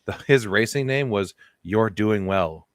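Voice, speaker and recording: A man with a low voice tells comedic stories on a podcast, animated and quick to laugh. The sound is dry and close, with no room echo. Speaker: podcast co-host. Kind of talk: comedic storytelling chat.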